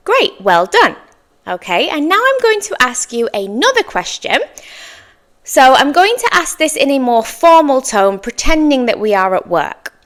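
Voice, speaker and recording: Female English teacher, fairly high voice, slow, patient drill delivery. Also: big pitch swings, a bit bright. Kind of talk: slow, clear English lesson with repeat-after-me drills.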